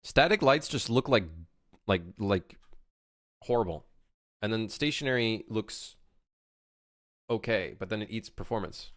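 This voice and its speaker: A man's voice: on the low side, animated, a little slow, long pauses, a bit bright, no echo, studio quality. Exasperated, swearing young male streamer. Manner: profane, exasperated, talks to chat. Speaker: streamer and game developer. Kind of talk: casual livestream chat.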